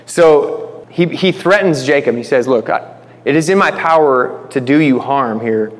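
A man's voice: medium pitch, measured pace. A man teaching a conversational Bible-study sermon, speaking informally, restarting phrases and calling his listeners guys. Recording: long hall reverb.

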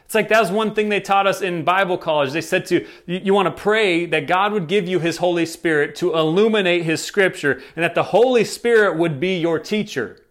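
Guy preaching a laid-back sermon, kinda high voice, chatty and excited. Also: fairly quick, few pauses. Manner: conversational, enthusiastic, many fillers like "right?". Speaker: pastor.

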